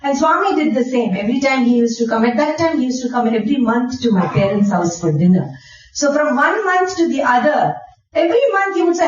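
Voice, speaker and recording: Middle-aged woman, storytelling testimony with soft laughs, dull recording from a distant mic. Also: a little high, lively intonation, brisk, heavy reverb. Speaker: guest speaker. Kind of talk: personal testimony talk.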